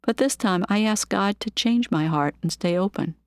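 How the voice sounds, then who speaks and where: A woman calmly reading her own memoir of work as a nurse, with measured, even storytelling. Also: mid-range voice, dry recording, clean studio sound.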